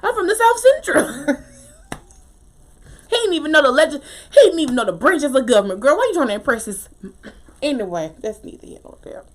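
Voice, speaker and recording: A woman casually recapping a TV episode, opinionated and animated, with slangy talk and frequent laughter. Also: high voice, brisk, pauses often. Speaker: TV show recap host.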